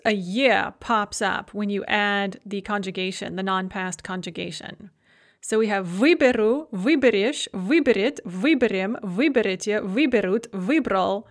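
A woman teaching a recorded grammar lesson, explaining patiently and methodically and slowing down to pronounce example words carefully. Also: fairly high pitch, a bit bright. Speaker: language teacher.

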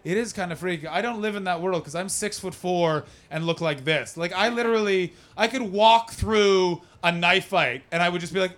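Male standup comic, bright voice, a bit high, crude rambly storytelling, talks to the crowd. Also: normal speed, few pauses. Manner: crude, rambling, self-mocking. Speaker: stand-up comedian.

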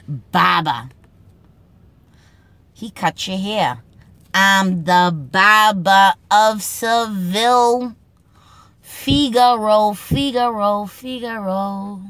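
Brash, slow-talking Boston woman. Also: sits low, a bit bright, no echo. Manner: brash and profane, jokey, tough-talking. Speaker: podcast host. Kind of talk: casual comedic monologue.

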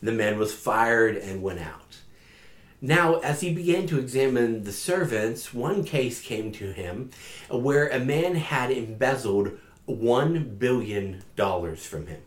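A man's voice: medium pitch, lively intonation, slow pace. A man retelling a parable in a casual storytelling sermon, with fillers along the way. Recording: echoey room.

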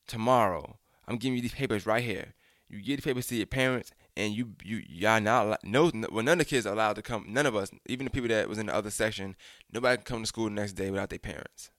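A young man recounts a personal story in loose, casual slang, often restarting and acting out what others said. His voice sits low, and the recording is dry with no room sound. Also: a little fast, dry recording. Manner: animated, acts out quotes, frequent restarts and slang.

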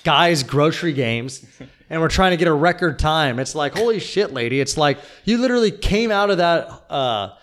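A man's voice: on the high side, lively intonation, normal speed, fairly bright tone. A young man chatting casually on a podcast, venting and rambling with lots of fillers. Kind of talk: casual chat.

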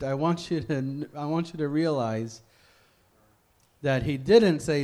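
A man preaching a sermon, reading scripture slowly and deliberately, then leading a fervent prayer. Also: fairly high pitch, a little mellow.

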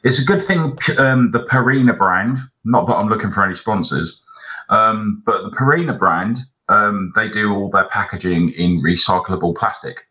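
A man's voice: fairly low pitch, normal speed, sharp tone, dull audio. A man co-hosting a podcast, telling long rambling anecdotes and swearing a lot. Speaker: podcast co-host. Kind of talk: casual chat.

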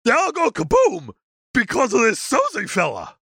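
A man voicing an excitable, gullible male Sasquatch who blurts out gasping exclamations in a comedy podcast bit. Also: very high voice, normal speed, breathy edge, no room sound, studio quality, pitched above the performer's own voice, exaggerated voice. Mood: excited.

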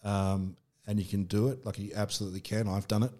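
A man's voice: lowish voice, fairly even intonation, quick pace, mellow. A middle-aged Australian man telling personal stories candidly in casual conversation, with frequent restarts. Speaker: podcast guest.

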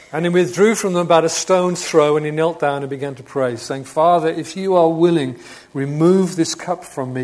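Male preacher delivering a sermon; slightly raised pitch, alternates loud emphasis with quiet, intimate asides. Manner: swings from emphatic proclamation to hushed, quiet reflection; asks rhetorical questions of the congregation.

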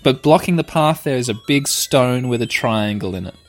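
A young man playing a video game, playfully and excitably narrating what happens and reading the text aloud. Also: medium pitch, normal speed. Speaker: game player. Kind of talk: let's play commentary. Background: faint game music.

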